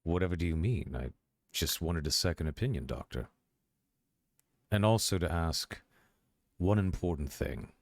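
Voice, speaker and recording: A man playing a smooth-talking male doctor in a tabletop role-play, courteous but quietly menacing. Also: deep voice, lively intonation, no room sound. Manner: courteous, measured and veiled threats.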